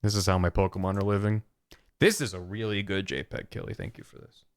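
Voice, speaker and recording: A man streaming a video game who thinks aloud in a rambling, casual way and reads in-game text out loud. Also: deep voice, flat delivery, fast. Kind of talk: casual gameplay commentary. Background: game music.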